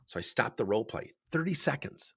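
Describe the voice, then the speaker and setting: A man's voice: medium pitch, fairly quick, gravelly, husky. A man who coaches leaders, talking about coaching and telling workplace stories that he acts out as he goes. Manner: animated storyteller who acts out dialogue. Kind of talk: speaking to camera about coaching.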